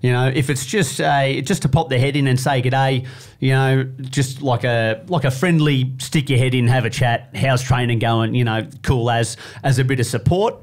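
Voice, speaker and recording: Man, guest, casual chat, lively storyteller, acts out quotes. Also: mid-range voice, normal speed.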